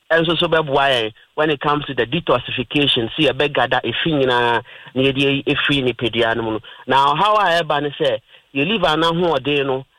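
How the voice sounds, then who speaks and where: A man's voice: mid-range voice, a bit bright, no echo, low-quality recording. A Ghanaian man hosting a radio health talk, explaining in plain terms and mixing in English words.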